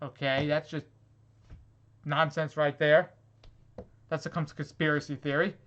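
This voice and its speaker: A man's voice: a little high, flat delivery, measured pace, a bit bright, dull audio. A man reading online comments aloud in a vlog and reacting to them with sarcastic, swearing exasperation. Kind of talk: angry rant reacting to comments.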